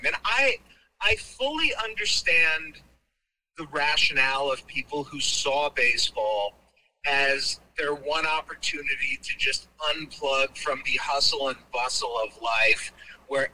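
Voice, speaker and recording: A man talking as a guest reporter in a casual chat, enthusiastic and animated. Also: fairly high pitch, rough recording.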